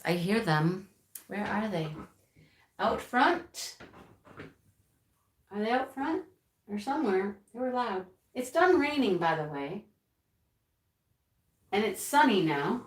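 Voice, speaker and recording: A woman hosting a casual livestream, chatting and answering viewers' comments as she reads them. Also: medium pitch. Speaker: livestream host. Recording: roomy home recording with faint ambient noise.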